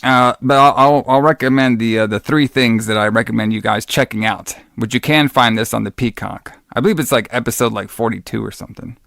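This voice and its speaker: Rambling, excited podcast co-host man. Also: medium pitch, brisk, gravelly, few pauses, dry recording, clean studio sound. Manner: rambling, lots of fillers and tag questions; enthusiastic about old wrestling shows. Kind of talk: casual podcast chat.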